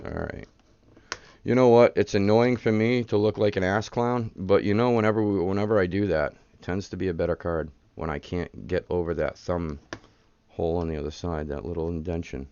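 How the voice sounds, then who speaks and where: A man's voice: deep voice, fairly even intonation, fairly quick, darkish tone, clean tone, no room sound, muffled recording. A man in his thirties hosting a live card-breaking stream, chatting casually and hyping up the pulls. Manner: chatty, rambling, hypes up the pulls.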